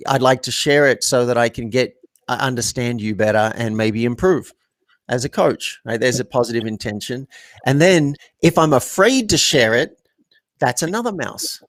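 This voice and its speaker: A man's voice: medium pitch, moderate pace, dry recording. A man being interviewed as a coach, talking reflectively and acting out little quoted exchanges as he tells stories. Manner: reflective, storytelling with acted-out quotes. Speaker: guest, coach. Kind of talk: conversational interview.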